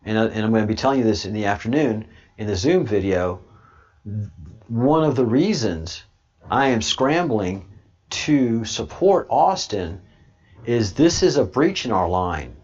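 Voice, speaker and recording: A man hosting a livestream and answering chat, halting with many restarts, then repeating points slowly and with emphasis. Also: on the low side, lo-fi sound. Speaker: channel host.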